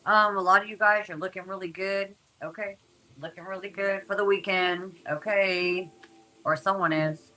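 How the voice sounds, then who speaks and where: A woman's voice: medium pitch, fairly even intonation, normal speed, sharp tone, soft background music, rough recording. A woman giving a casual, chatty tarot reading to her viewers, talking informally and repeating herself. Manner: chatty, informal, repeats words, uses "y'all". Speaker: tarot reader.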